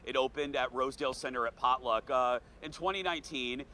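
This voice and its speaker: Southern guy hosting morning tv at the fair, bright voice, gets choked up and earnest. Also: mid-range voice. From American South. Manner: emotional, earnest, talks slowly. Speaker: TV show host. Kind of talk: morning TV chat. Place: outdoor state fair set.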